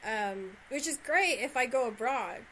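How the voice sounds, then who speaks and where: A woman's voice: on the high side, expressive, unhurried, a bit bright, slight background noise, low-quality recording. A woman from Shetland with a Scottish accent, hosting a podcast and chatting in long rambling runs. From Shetland, Scotland. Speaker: podcast host. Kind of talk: casual conversational interview.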